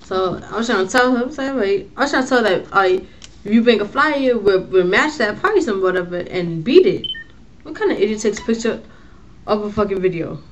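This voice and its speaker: A young woman tells a story to the camera in a loose, slangy way. She swears often and sounds animated. Her pitch sits in the middle. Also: brisk, highs cut off, a little hiss or hum. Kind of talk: casual storytelling vlog.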